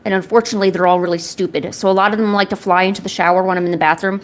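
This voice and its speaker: A woman's voice: mid-range voice, fairly even intonation, racing. A young woman streaming while she draws, chatting casually in a rambling, self-deprecating, jokey way. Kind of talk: casual chat while drawing.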